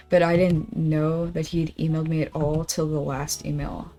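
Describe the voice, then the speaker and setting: A young woman rants casually to her stream in a low, level voice, swearing as she retells a story. Her tone is dark and mellow, and quiet plucked guitar music plays faintly underneath. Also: moderate pace, hardly any pauses. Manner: swearing, animated storytelling, reading emails aloud. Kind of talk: casual chat on a study stream. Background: soft guitar game music.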